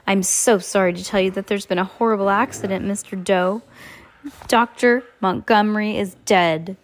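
A sly man posing as someone else, his words smooth and falsely polite, as a woman reads him aloud. An audiobook villain with a steady pitch who keeps his menace tucked under courtesy. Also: normal speed, lightly acted. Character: scheming adult male villain in disguise, smooth and sly. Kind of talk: audiobook character reading.

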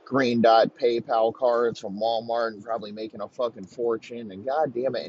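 A man's voice: medium pitch, steady tone, a little mellow, muffled recording, slight background noise. A man telling a crude improvised comedy story, rambling, swearing often and restarting sentences. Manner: rambling, profane, halting restarts.

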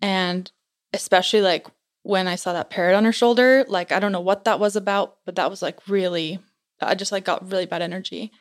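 A woman's voice: mid-range voice, steady tone, a little fast. Chatty young woman telling a spooky story. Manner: chatty, frequent "like" fillers.

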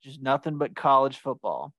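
A man's voice: medium pitch, big pitch swings, normal speed, fairly bright tone. Guy hosting a sports podcast, chatty, dry close sound, no room echo. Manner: chatty, exclaims over stats. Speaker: podcast co-host. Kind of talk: casual sports podcast chat.

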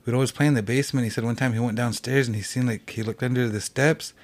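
A young man from a reservation tells ghost stories on a podcast. He talks fast in a loose, rambling way, piling up fillers and starting sentences over. His voice is mid-pitched. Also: steady tone. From Cheyenne reservation, United States. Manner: rambling, many "like" fillers and restarts. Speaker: podcast guest. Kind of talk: casual storytelling.

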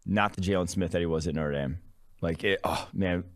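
A man with a very low voice co-hosting a sports podcast. He talks in a relaxed, wry way and lays out his analysis in detail. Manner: wry, analytical, quick to explain. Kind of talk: casual sports podcast chat.

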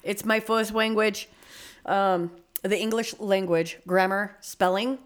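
A woman of average pitch chatting loosely with a friend. Her talk is blunt and full of curse words, with quick asides. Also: steady tone. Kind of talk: casual chat.

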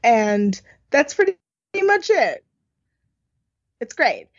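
A woman co-hosting a casual recap chat, chatty and full of quick asides. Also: sing-song. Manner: chatty, quick asides, mimics people in high voices. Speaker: podcast co-host. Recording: dull lo-fi audio.

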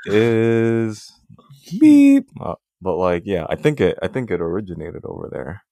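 Young male co-host, very deep, lively pitch, relaxed. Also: a little slow, vocal fry, no room sound, studio quality. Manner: laid-back, laughs often. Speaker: podcast co-host. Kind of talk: casual chat.

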